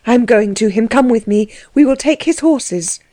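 A woman's voice: a little high, expressive, normal speed, warm tone, no echo, natural voice. Female reader as a determined young heroine in an audiobook, cold, clipped, firm, dry sound. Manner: curt, firm commands.

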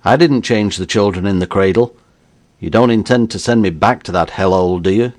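A man's voice: on the low side, brisk, a little mellow, no room sound, lightly acted. A man voicing a nervous, talkative escaped convict with an uneasy, slangy way of talking. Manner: uneasy, folksy drawl with slang.

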